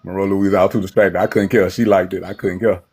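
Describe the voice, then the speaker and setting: A man talking casually on a debate panel in a laid-back, unhurried way, chuckling often. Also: sits low, level tone, a little mellow, slight background noise. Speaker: panel guest.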